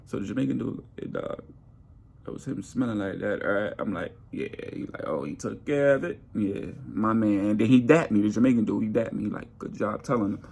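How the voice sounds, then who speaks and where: A man telling a workplace story in a casual monologue, animated, acting out his coworkers' lines. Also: fairly quick, gravelly. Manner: animated, acts out coworkers' lines with jumps in pitch.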